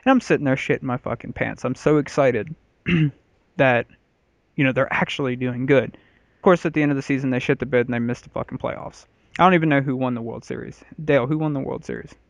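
A man's voice: medium pitch, brisk, dry recording, muffled recording. Profane, rambling man hosting a podcast. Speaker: podcast host. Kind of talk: casual chat.

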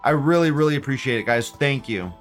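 With faint music behind him, a man with a mid-range voice talks fairly quickly as he hosts a live commentary show. His casual commentary is profane and rambling, with frequent laughter and repeated phrases.

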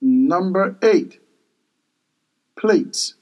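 A man's voice: high-pitched, expressive, extremely slow, highs cut off. A man teaching kitchen vocabulary, patiently repeating each word several times and spelling words out for learners. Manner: self-correcting and spelling words out. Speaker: language teacher.

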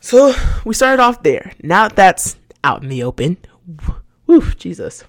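A woman hosts a solo podcast in a candid, animated chat, laughing often and stumbling over repeated words. Her voice sits in a middle range and sounds close and dry, with no room echo. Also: mid-range voice, measured pace. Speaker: podcast host. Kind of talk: casual solo podcast talk.

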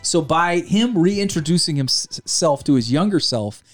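A man's voice: fairly high pitch, lively intonation, unhurried, soft background music. A man co-hosting a podcast, casually recapping a movie, acting out scenes and laughing, with light swearing. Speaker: podcast co-host. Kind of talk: casual movie review chat.

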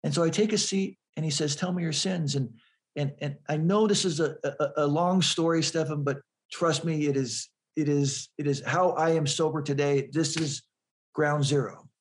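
A man's voice: on the high side, normal speed. A man in an interview telling a personal story earnestly, often repeating words as he builds toward the point. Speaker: guest.

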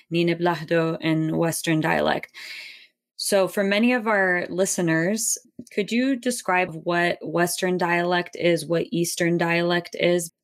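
Woman host, low voice, even and flat delivery, probing questions. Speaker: podcast host. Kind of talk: conversational interview.

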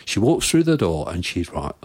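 A man guesting on a podcast, telling bawdy stories in a husky voice. His pitch swoops widely as he acts out the people in his anecdotes. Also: big pitch swings, moderate pace, a little mellow. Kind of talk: casual chat.

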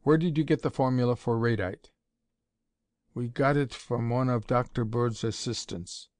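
A man's voice: mid-range voice, normal speed, darkish tone, no echo, lightly acted. A man voicing a dazed captured conspirator. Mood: confessing. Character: captured male conspirator under interrogation.

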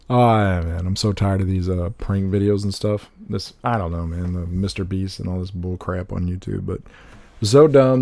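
Gravelly low dude in his 30s just ranting on a podcast, dark tone, swears a lot. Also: moderate pace, dry recording. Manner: animated, swears freely, laughs often. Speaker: podcast co-host. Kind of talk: casual podcast chat.

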